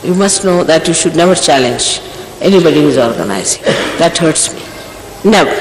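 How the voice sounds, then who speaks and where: A woman's voice: fairly low pitch, lively intonation, brisk. A woman gives an earnest, scolding spiritual talk to her followers. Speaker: spiritual teacher. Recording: echoey hall recording, faint noise.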